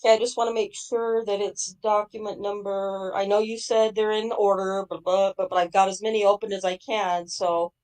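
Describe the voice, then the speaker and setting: A woman's voice: medium pitch, little pitch movement, moderate pace, few pauses, a little mellow, smooth, rough recording. A woman co-host with a nasal voice from a cold, reading a court filing aloud in a casual online talk. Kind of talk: reading legal documents aloud.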